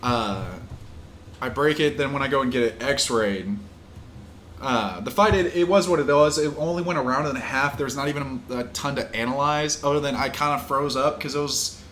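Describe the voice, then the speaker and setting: A man's voice: mid-range voice, moderate pace, fairly bright tone, slight background noise. A young man, hosting a casual podcast, talking loosely with frequent swearing and easy laughs. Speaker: podcast host and pro fighter. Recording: echoey room with faint ambience.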